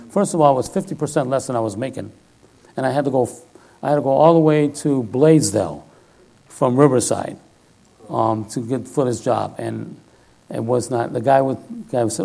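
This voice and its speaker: A man's voice: medium pitch, normal speed, vocal fry, warm tone. An older man giving a sermon in a conversational style, often checking in with "all right?". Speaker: lay preacher.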